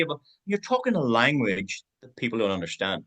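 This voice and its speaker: A man's voice: medium pitch, very animated, a little fast, few pauses, bright, forceful tone, breathy edge, rough recording. A man giving a team sales training talk, acting out both sides of example conversations.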